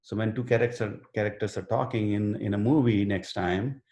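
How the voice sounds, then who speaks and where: Guy running a writing class on a video call, lowish voice, kinda echoey room, lots of "you know"s. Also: fairly even intonation, brisk, darkish tone. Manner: earnest, explains with many fillers and restarts. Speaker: writing instructor. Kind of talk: live online workshop Q&A.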